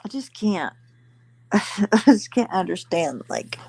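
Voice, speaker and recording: A woman joining a casual livestream chat, musing slowly and trailing off mid-thought. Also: mid-range voice, very animated, gravelly, a little mellow, husky, no echo.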